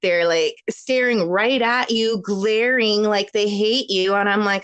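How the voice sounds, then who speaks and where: A woman's voice: mid-range voice, a little slow, fairly bright tone, smooth, dry recording. A woman calling in to a live chat show, telling a long story in a rambling, chatty way and laughing often. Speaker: caller. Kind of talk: casual call-in chat. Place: at home with a child.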